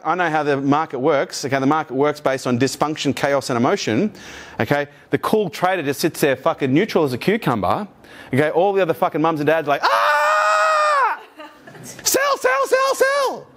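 A man giving a live motivational keynote to an audience, swearing freely and acting out quoted voices. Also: fairly high pitch. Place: conference room with live audience.

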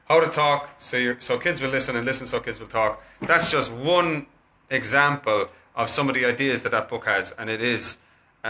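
A man, chatting casually to camera and telling a story in a lively, animated way. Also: medium pitch. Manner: chatty, animated, acts out what he said to his kids. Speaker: kinesiologist recommending a parenting book.

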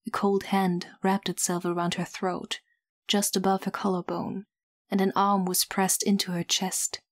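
A woman reading fan fiction aloud as an audiobook, steady and measured. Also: on the low side. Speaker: audiobook reader.

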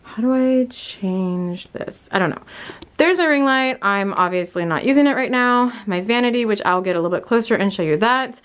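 A woman's voice: a little high, lively intonation, moderate pace. A young woman vlogging a casual tour of her small bedroom, candid and rambling, a bit out of breath, filmed on a handheld phone. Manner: chatty and candid, rambling with fillers. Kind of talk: casual vlog room tour.

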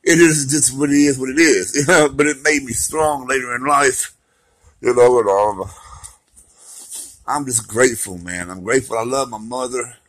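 Speaking at normal speed with a medium pitch and a fairly bright tone, a middle-aged vlogger talks through his recovery in a rambling, slangy, heartfelt and emotional personal monologue. The recording quality is poor.

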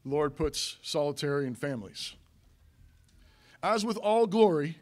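A man's voice: a little high, animated, unhurried, a little mellow. A middle-aged man, a pastor, preaching a conversational sermon to his congregation, repeating phrases and restarting lines as he goes. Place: church sanctuary.

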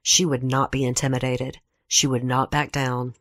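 A woman hosting a true crime podcast, giving a measured scripted narration and reading quotes in her own voice. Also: rumbling low, level tone, no echo, clean studio sound.

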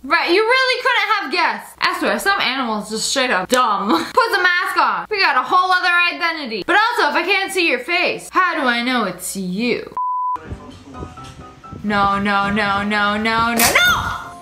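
A woman with a high, sing-song voice that leaps all over as she comments on animal clips. She laughs often and slips into little voices for the animals' thoughts. The sound is roomy, with music playing behind her. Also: big pitch swings, a little slow. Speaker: host reacting to videos. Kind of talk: comedic video commentary.

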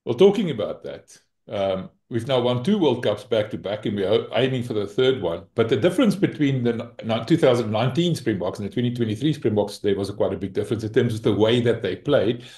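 A man's voice: lowish voice, lively intonation, fairly quick, hardly any pauses, mellow. Man asking questions in an echoey room. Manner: conversational questioner. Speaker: podcast host. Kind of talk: casual interview chat.

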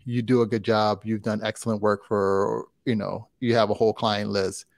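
A man talking casually as a photographer guest in an interview, relaxed and rambling, with lots of fillers and restarts. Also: lowish voice, moderate pace, gravelly, no echo.

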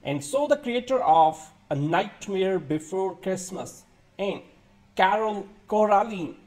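High-voiced man reading a film review. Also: a little mellow. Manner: reads a written script with occasional stumbles and restarts. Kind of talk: read-aloud film review.

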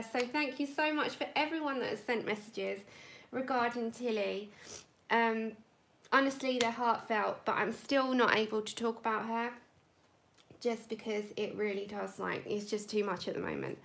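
Chatty high-voiced woman streamer. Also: moderate pace, creaky, sharp tone. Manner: chatty, rambling, greets viewers by name. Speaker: livestream host. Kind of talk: casual chat to live viewers.

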